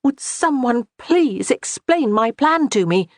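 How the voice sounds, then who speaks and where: A woman's voice: on the high side, lively intonation, takes it slowly, no room sound, studio quality, pitched above the performer's own voice. A woman voicing an exasperated noble lady. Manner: sharp, raised, scolding delivery. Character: exasperated young noblewoman, strong-willed lady of a clan. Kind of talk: audiobook character voice.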